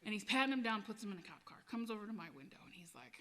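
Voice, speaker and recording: A woman singer-songwriter telling a loose, profane road story between songs, with frequent laughs and quick asides. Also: mid-range voice, big pitch swings, crowd noise.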